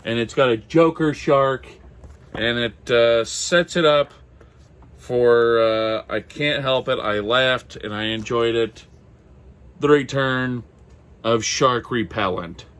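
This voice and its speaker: A man from Minnesota chatting casually on his own about comics, halting and apologetic with lots of fillers, his throat going dry. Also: medium pitch, fairly bright tone, clean tone. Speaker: comic collector vlogger. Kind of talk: casual solo chat.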